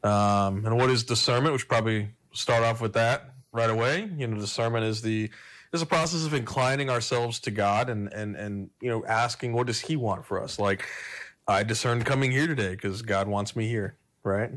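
A man's voice: on the low side, normal speed, a bit bright. A young man, a seminarian hosting a casual podcast and cracking self-deprecating jokes. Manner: joking, self-deprecating, loose.

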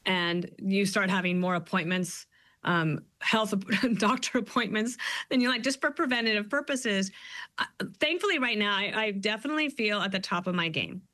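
Chatty upbeat woman, the guest author, bright crisp voice, dry close sound, does little voices when she tells stories. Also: mid-range voice, normal speed, no echo. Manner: chatty and upbeat, animated storytelling with playful quoted voices. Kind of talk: casual interview talk.

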